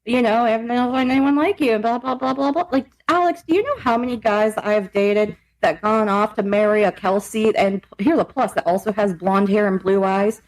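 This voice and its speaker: A woman's voice: medium pitch, moderate pace, few pauses, low-quality recording. A young adult woman co-hosting a podcast, chatting casually and laughing often, with lots of swearing. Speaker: podcast co-host. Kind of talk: casual chat.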